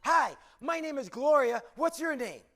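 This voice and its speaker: A man's voice: extremely high pitch, expressive, moderate pace, gravelly, heavily acted. A man voicing a chirpy, overly friendly female coffee shop clerk in a story he tells. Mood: bubbly. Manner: bubbly, singsong and overly friendly.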